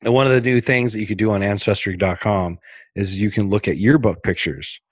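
A man with a lowish, husky voice talks a little fast on a dry recording. He's a guest on a casual podcast, spinning rambling, darkly funny stories packed with fillers and restarts.

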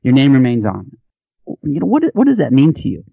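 A man's voice: medium pitch, huge pitch swings, fairly quick, creaky, mellow, slightly rough, no room sound, muffled recording. A man interviewing a guest, speaking with admiration and emotion before asking his question. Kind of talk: casual interview.

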